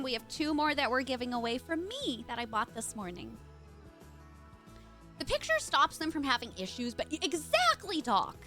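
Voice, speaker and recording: A woman's voice: fairly high pitch, pushed and bright. A young adult woman streaming live, chatting casually and greeting viewers by name in a bubbly way.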